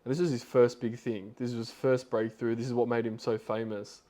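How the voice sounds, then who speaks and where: A man's voice: mid-range voice, flat delivery, a little fast, dark tone. A man hosting a podcast, retelling a story in a loose, rambling way with lots of fillers. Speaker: podcast host.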